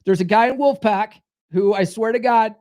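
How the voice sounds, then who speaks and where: A man's voice: sits high, moderate pace, a little mellow, lo-fi sound. A man delivers a podcast monologue as a dating coach. He talks bluntly and swears freely. He drills his points by repeating them. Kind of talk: podcast monologue giving advice.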